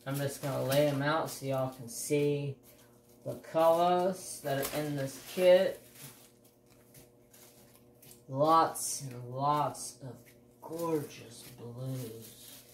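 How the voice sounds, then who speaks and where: A woman hosting a crafts channel, chatting casually and gushing with excited exclamations as she unboxes a kit. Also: sits low, slow pace, pauses often, slight background noise. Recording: roomy echo, faint ambience.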